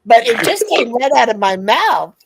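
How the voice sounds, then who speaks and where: A woman in casual pub-style chat, an animated storyteller who swears freely. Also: on the high side, normal speed, crowd noise. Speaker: co-host.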